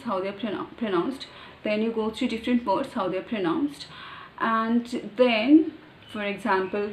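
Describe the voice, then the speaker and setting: A woman's voice: mid-range voice, slight background noise. Indian-accented woman explaining in an echoey room. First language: Marathi. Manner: earnest, explains step by step. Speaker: vlogger. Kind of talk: casual explainer monologue. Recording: echoey room with faint ambience.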